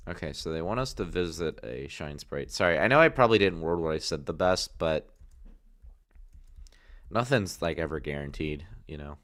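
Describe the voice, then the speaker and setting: A man's voice: a bass voice, expressive, normal speed, a bit bright. A man hosting a gameplay livestream, chatting loosely with viewers, with plenty of fillers. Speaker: livestream host. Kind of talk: casual gameplay livestream commentary.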